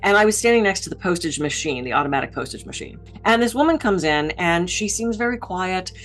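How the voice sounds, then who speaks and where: High-energy, direct woman speaker. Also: lively intonation, fairly quick, fairly bright tone. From Pittsburgh, USA. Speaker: keynote speaker. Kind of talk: motivational talk to camera.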